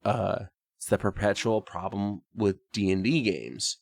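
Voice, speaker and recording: A man with a low, gravelly voice hosts a casual talkback chat about his tabletop game. He rambles, pokes fun at himself and laughs often. The recording is dry and close. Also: a little slow, no room sound. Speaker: podcast host and game master.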